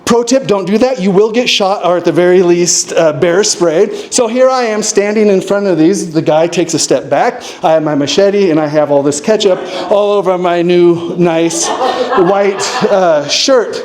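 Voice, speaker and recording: A man from Montana telling a comic story at a live show, acting out what people said in sudden raised voices. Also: moderate pace. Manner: animated, acts out quotes with sudden high-pitched voices. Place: distillery stage before a live audience.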